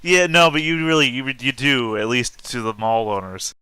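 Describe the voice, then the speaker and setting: Wry man, bright and clear. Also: mid-range voice, animated, normal speed, dry recording. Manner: wry, joking, talks through ideas out loud. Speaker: player. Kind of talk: in-character tabletop roleplay.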